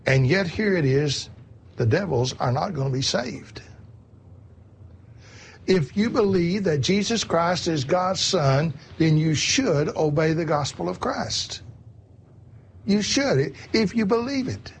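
A man delivers an earnest sermon, circling back to his points again and again. His voice sits a little high for a man and carries a husky, slightly rough edge. He speaks straight to his listeners, pressing them with questions. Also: animated, takes it slowly. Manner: earnest, repetitive, addresses listeners as my friends. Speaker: preacher.

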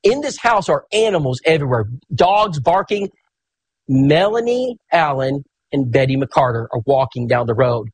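A preacher tells his story in a folksy, animated way. His voice is husky and sits high for a man. It rises and falls with wide, lively swings. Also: normal speed. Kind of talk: sermon storytelling.

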